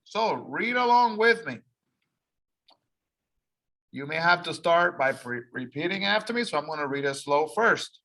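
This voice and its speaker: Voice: mid-range voice, animated, a little slow, long pauses, fairly bright tone. An English teacher whose first language is Spanish, leading an ESL lesson and patiently repeating instructions and explaining step by step. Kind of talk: ESL lesson, reading aloud for repetition.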